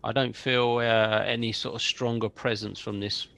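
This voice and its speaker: A man's voice: medium pitch, little pitch movement, normal speed, gravelly, sharp tone. A man playing a tabletop game, talking casually and hesitantly as he thinks aloud. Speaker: player.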